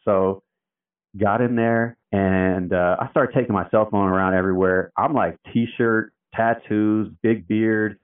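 Deep-voiced man, tinny and distant. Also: steady tone, a little slow. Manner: loose and chatty, filler-heavy, acts out quotes. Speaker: interview guest. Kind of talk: casual storytelling. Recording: tinny phone-like sound, distant from the mic.

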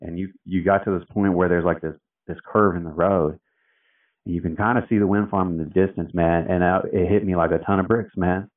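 Deep-voiced man, tinny and distant. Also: fairly even intonation, a little fast. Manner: loose and chatty, filler-heavy, acts out quotes. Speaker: interview guest. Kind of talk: casual storytelling. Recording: tinny phone-like sound, distant from the mic.

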